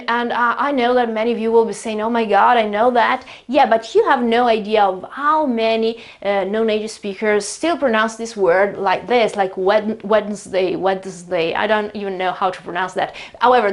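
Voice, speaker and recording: A woman with an Italian accent, a native Italian speaker, teaching an English pronunciation lesson beside a whiteboard in a chatty, explanatory way and slowly repeating words to demonstrate them. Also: on the high side. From Italy.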